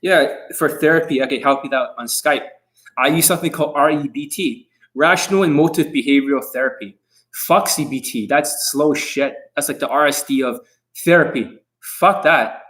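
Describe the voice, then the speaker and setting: A man's voice: fairly high pitch, normal speed, fairly bright tone, rough recording. A man coaching on dating in a livestream monologue, brash and combative, swearing often and boasting about himself in the third person.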